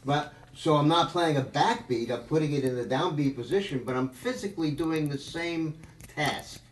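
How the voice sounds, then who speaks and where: During a live drum lesson, a man with a fairly high voice speaks at a moderate pace, wandering through his thoughts aloud with many fillers. The room echoes, the mic is distant, and background noise is audible.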